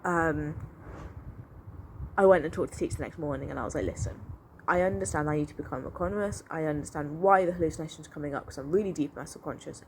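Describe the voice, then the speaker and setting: A woman's voice: deep voice, quick pace, a little hiss or hum. A young woman, telling a long personal story casually and in a rambling way, full of fillers. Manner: rambling, animated, lots of fillers and "I was like". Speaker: vlogger.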